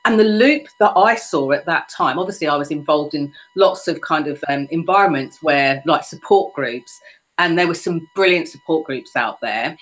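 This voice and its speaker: Female podcast host, slightly low pitch, reflective storyteller. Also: animated, normal speed, a bit bright, low-quality recording. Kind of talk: conversational interview.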